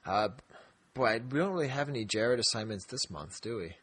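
A man co-hosts a podcast in easy, casual chat. His voice is husky and a little breathy. He rambles, restarts his sentences and laughs often. The sound is dry and close. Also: medium pitch, expressive, brisk, a bit bright, no room sound. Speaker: podcast co-host.

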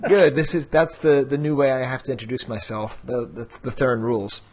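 A man's voice: medium pitch, fairly even intonation, a little fast, a crowd in the background. A man hosting a collectors' podcast, chatting in a rambling, self-deprecating way. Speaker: podcast host. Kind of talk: casual podcast chat.

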